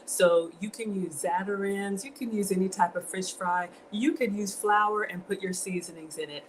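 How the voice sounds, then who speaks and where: A middle-aged woman with a Southern US accent cooks in her home kitchen while chatting casually on a livestream, greeting viewers by name and reading their comments. Her medium-pitched voice is fairly even at normal speed. The low-quality recording carries a little hiss or hum.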